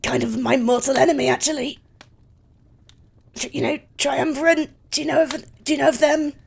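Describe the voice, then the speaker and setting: A woman's voice: sits high, steady tone, normal speed, creaky. A woman speaking as her character in a tabletop game, hesitant and filler-laden. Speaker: player.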